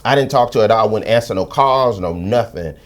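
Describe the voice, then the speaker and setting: A man's voice: fairly low pitch, fast talker. A middle-aged man from the United States speaking as a podcast guest, telling stories frankly and animatedly, with slang and profanity. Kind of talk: candid conversational interview.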